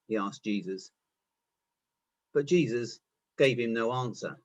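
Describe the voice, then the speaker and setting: Husky guy reading a bible passage, lively up and down delivery. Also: lowish voice, measured pace, long pauses. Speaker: scripture reader.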